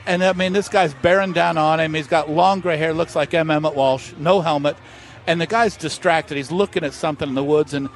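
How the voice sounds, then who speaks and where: The speaker is a master distiller with a slightly high voice who talks fairly quickly. At an outdoor festival interview, he tells stories with animation, imitating the voices of the characters in his anecdotes.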